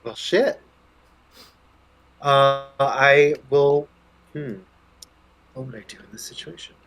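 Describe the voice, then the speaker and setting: A man's voice: medium pitch, steady tone, takes it slowly, a bit bright, low-quality recording. A man playing a bard in a tabletop game, musing and thinking aloud. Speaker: player.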